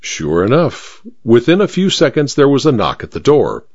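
A man hosting a radio mystery hour, reading the story aloud in an expressive, measured way. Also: medium pitch, dry recording, muffled recording. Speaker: host and story reader.

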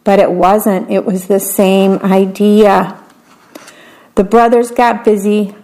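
A woman reading a children's picture book aloud, pausing to describe the pictures in a chatty aside. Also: medium pitch, level tone, dark tone, rough recording. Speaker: storybook reader.

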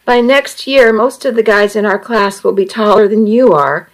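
A woman voicing an easygoing teenage boy who teases his best friend in a calm, matter-of-fact way. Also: mid-range voice, moderate pace, lightly acted, poor audio.

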